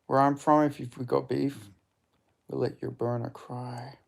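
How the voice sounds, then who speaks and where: A man from Perth, Western Australia, with an Australian accent hosts a live fight watch-along, chatting with viewers in a laid-back way and swearing freely. His mid-range voice is flat and unhurried, with vocal fry.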